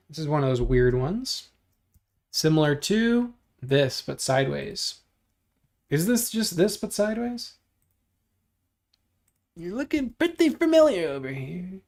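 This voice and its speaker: A man hosting a livestream, chatting casually and thinking out loud as he builds 3D models, joking and teasing himself along the way. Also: medium pitch. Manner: joking, self-deprecating, thinks out loud while clicking. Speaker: livestream host modeling in 3D software. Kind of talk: casual livestream chat while working.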